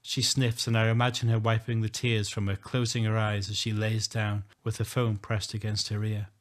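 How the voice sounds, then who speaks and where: A man's voice: on the low side, level tone, normal speed. A man narrating a first-person story in an earnest, emotional way. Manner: earnest, emotional, rising to shouting. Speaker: audiobook narrator.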